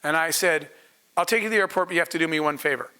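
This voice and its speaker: A middle-aged man giving a masterclass on building teams, telling an animated story and acting out the voices of the people in it. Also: on the high side, rapid-fire, clear, resonant tone, low-quality recording. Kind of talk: storytelling lecture to an audience.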